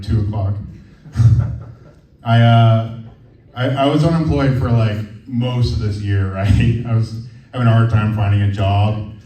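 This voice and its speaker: A man's voice: medium pitch, warm tone. A man in his thirties doing a stand-up comedy set, rambling and hesitant with lots of fillers. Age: 30s. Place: comedy venue with live audience. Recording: roomy, from far off.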